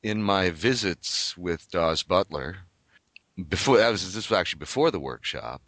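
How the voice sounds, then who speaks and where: A man's voice: sits low, animated, normal speed, a bit bright, no room sound. An older man, a voice actor, talking thoughtfully and explaining his craft in an interview. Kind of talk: reflective interview talk.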